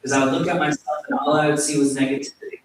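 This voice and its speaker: A male yoga teacher gives a temple sermon built around self-deprecating, animated stories, acting out the quotes in a rapid-fire, rather high voice. The hall is very echoey, the mic sits far back, and there's a faint hiss.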